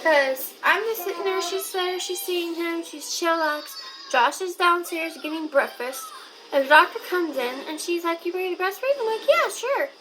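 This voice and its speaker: A woman's voice: extremely high pitch, normal speed, over music, rough recording. A young woman vlogger telling a personal story, talking straight to her viewers in a chatty way. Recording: clear steady background noise.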